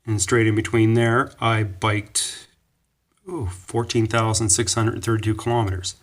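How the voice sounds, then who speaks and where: A man's voice: lowish voice, steady tone, unhurried. A man in his forties from Canada, vlogging in a casual, rambling motivational style, correcting himself and acting out the people he quotes. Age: 40s. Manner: rambling, self-correcting, laughs often, acts out quoted voices.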